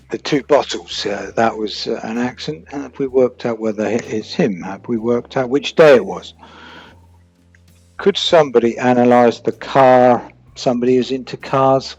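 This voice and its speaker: A husky-voiced man muses his way through a true crime commentary, circling back and asking questions of people who aren't present. The recording is dull and lo-fi, with faint music underneath. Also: mid-range voice, a little mellow. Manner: rambling, asks questions aloud to absent people. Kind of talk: casual commentary monologue.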